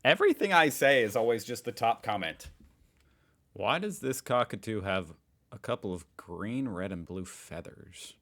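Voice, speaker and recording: This is casual reaction commentary from an American host who reads posts aloud and reacts in a chatty, jokey manner. He speaks at normal speed in an animated voice on the low side, with a slightly bright tone.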